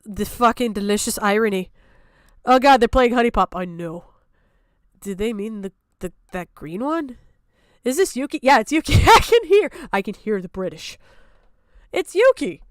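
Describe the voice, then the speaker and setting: Woman streamer, high voice, dry close sound, loud mocking reactions with bursts of laughter. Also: animated, normal speed, smooth, dry recording. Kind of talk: casual live-stream commentary.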